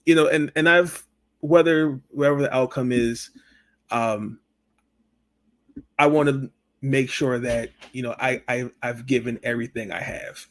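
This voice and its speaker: A man hosting a sports talk podcast, chatting over a video call. He talks hesitantly, repeating words and filling pauses with fillers. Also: mid-range voice, fairly even intonation, a bit bright. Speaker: podcast host. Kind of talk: casual interview chat.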